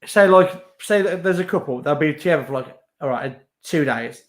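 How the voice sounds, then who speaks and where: A man's voice: a little high, lively intonation, normal speed. A young man, chatting casually as co-host with lots of fillers. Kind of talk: casual chat.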